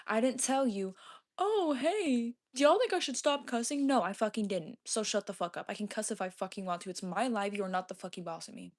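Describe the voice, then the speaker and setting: A woman hosting a casual livestream from her phone, reading the chat and cursing constantly as she argues back at viewers. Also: medium pitch. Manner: profane, confrontational, heavy cursing. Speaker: livestream host. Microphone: phone held away from face.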